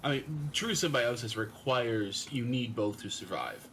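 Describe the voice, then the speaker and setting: A man's voice: mid-range voice, expressive, a little slow, a bit bright, soft background music. A man chatting on a gaming stream, reading chat messages aloud and explaining things in detail.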